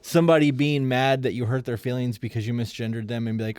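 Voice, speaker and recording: A man's voice: medium pitch, steady tone, quick pace, a little mellow, clear, resonant tone, dry recording. A man on a podcast talking casually and walking through ideas at length. Mid-range voice, dry and close on the mic. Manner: conversational, explains ideas at length. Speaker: podcast guest.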